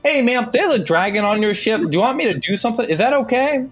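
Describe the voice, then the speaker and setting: A man's voice: lively intonation, fast, soft background music. A man voicing a nervous male pirate guard who is eager to please, in a tabletop game. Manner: high, jittery and deferential.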